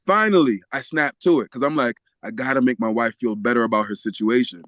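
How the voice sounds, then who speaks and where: A man telling a story as a podcast guest, animated and often laughing, acting out the voices of the people in it. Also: mid-range voice, a little fast, no echo. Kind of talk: storytelling in a casual interview.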